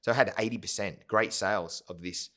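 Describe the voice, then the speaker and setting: Guest spot: man, low voice, rambling storyteller, keeps checking in with the listener. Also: fairly quick, fairly bright tone. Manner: rambling, full of "yeah?" and "right?" tags. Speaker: podcast guest, company founder. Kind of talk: casual storytelling interview.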